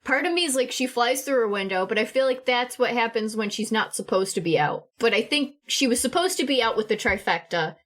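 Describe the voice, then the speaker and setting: Giggly woman player, fairly high voice. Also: animated, a little fast, hardly any pauses, fairly bright tone. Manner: giggly, hesitant, many fillers. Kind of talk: tabletop role-play chat.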